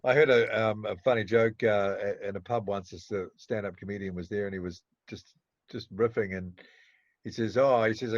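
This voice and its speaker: A man's voice: fairly low pitch, a little fast, no room sound, highs cut off. A man with a New Zealand accent, co-hosting a podcast, rambling through anecdotes with restarts and chuckles. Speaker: podcast co-host. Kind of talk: casual chat. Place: home studio in Auckland.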